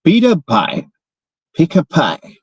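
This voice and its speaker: A man's voice: a little high, huge pitch swings, takes it slowly, breathy edge, no room sound, poor audio. A man with a Spanish accent, a native Spanish speaker, chatting playfully on a live stream and stumbling through tongue twisters. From Spain. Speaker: vlogger. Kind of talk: casual live-stream chat.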